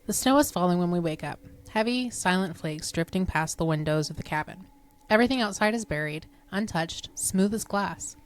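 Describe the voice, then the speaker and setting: A woman with a slightly low voice tells a ghost story as a podcast co-host. She keeps it hushed and suspenseful, slowing down to build dread. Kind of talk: reading spooky stories aloud.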